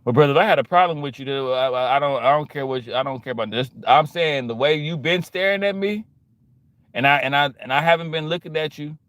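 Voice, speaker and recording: Animated Louisiana man ranting. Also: a little high, quick pace, dry recording. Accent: Southern US, Louisiana. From Baton Rouge, Louisiana. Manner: animated, slangy, repetitive, acts out scenes. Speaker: vlogger. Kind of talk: casual storytelling rant.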